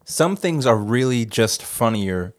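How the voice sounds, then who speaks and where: A man's voice: medium pitch, animated, a little slow, no echo, clean studio sound. A man hosting a casual podcast chat, joking and laid-back as he asks the questions. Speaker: podcast host asking the questions.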